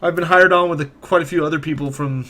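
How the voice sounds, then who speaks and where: A man's voice: fairly high pitch, steady tone, quick pace, bright, forceful tone, a little hiss or hum. A man voicing a friendly, grateful reformed thief in a tabletop game, in an easygoing, chatty manner.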